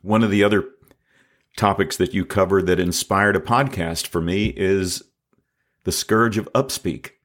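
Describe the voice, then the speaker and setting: Man, podcast host, deep voice, earnest interjections. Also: a little slow, fairly bright tone.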